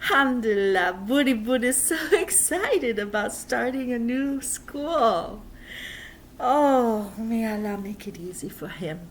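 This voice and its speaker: A woman speaking softly and calmly, like a mother, as she hosts a children's video, sometimes dropping to a whisper. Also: a little high, slow pace, slight background noise. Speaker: host of a children's Islamic video. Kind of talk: gentle instruction for children.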